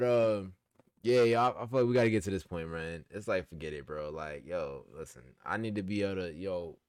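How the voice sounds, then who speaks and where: A man co-hosting a casual podcast chat, talking in a loose, relaxed way with his friends. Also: deep voice, no room sound. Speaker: podcast co-host.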